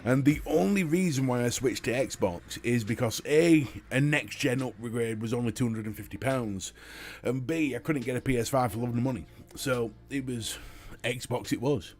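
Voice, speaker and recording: Chatty British livestream host. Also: male voice, mid-range voice, moderate pace, a little mellow. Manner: chatty, swears freely, reads and answers chat. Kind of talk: casual live-stream chat.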